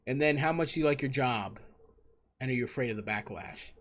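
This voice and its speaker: A man's voice: mid-range voice, a little fast. A young man hosting a comedy advice show, giving crude, profane and mocking answers to callers.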